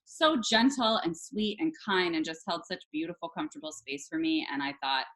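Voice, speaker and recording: A woman's voice: low-pitched, animated, normal speed, a bit bright. A middle-aged woman, a therapist and healer, chatting as a guest on a talk show, bubbly and gushing, saying "like" often. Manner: bubbly, gushing, says "like" a lot. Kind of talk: casual interview chat.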